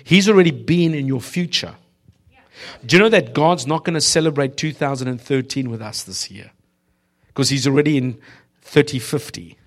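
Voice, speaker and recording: A man's voice: medium pitch, moderate pace. A man preaching a humorous, prophetic sermon to a church congregation, exhorting and speaking to the listeners directly. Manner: exhorting, addresses listeners directly, often laughing. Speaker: visiting preacher.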